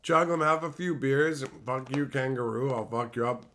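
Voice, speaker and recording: A male livestreamer talks loosely to his chat, tossing out crude, swear-filled jokes as he goes. His voice sits at an ordinary mid pitch. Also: normal speed, sharp tone, slight background noise. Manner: crude, profane joking banter; riffs on viewer chat messages. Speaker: streamer.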